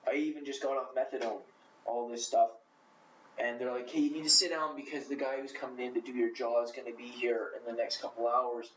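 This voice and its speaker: A man's voice: mid-range voice, flat delivery, brisk, a little hiss or hum. A man telling his own story in an interview, blunt and profane, rambling with fillers. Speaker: interview guest. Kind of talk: candid personal storytelling. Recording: rough, quiet, muffled, echoey, from far off.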